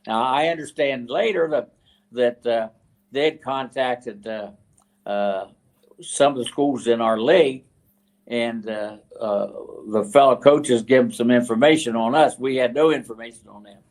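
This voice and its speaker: An older man from West Virginia, a retired football coach, telling stories as a guest in an interview, halting and full of fillers and restarts. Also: mid-range voice, a little mellow. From West Virginia, USA. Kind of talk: storytelling interview.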